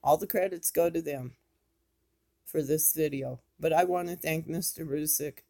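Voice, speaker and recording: A woman's voice: sits low, normal speed, dark tone. A woman, speaking in an impassioned, scolding commentary vlog. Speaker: YouTube commentator.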